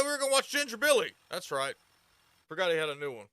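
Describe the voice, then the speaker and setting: A man streaming and chatting casually, loud and profane, quick to laugh. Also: high-pitched, big pitch swings, clean tone, no room sound, clean studio sound. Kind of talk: casual chat.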